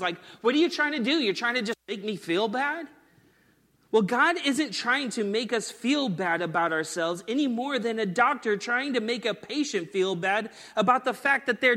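A male pastor in his thirties delivers a sermon with a high, bright, forceful voice. He talks in an earnest, conversational way. A long reverb trails his words through a large hall.

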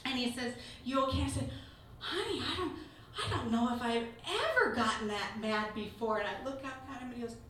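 A woman teaching a Bible study, telling personal stories in a lively, laughing way. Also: fairly high pitch, fairly quick. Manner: lively storytelling, laughing through anecdotes. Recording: echoey room from far off, noisy.

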